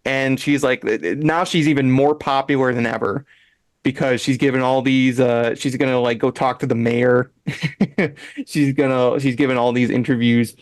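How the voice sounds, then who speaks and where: This man, a podcast host, speaks at normal speed with a medium-pitched voice and no echo. Chatting casually, he animatedly recounts an episode, acting out characters in voices, laughing a lot and often starting his sentences over.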